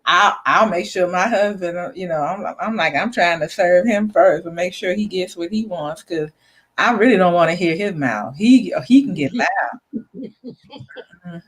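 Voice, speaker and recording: A woman's voice: on the low side, normal speed. A woman hosting a casual live chat, telling family stories with lots of laughter, putting on relatives' voices and reading out viewer comments. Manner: animated storytelling, laughing often; drops into quoted voices of relatives. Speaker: host.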